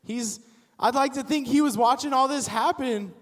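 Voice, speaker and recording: Young guy youth pastor, casual animated sermon, echo all over the room. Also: very high-pitched, normal speed. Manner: casual and animated, acts out the story characters. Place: church auditorium. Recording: long hall reverb.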